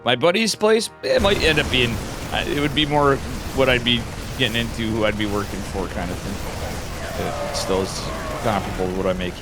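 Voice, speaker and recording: A tired man doing casual solo live commentary on an esports match, chatty and laid-back, getting louder and quicker when fights break out. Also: medium pitch, music in the background. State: tired, yawning.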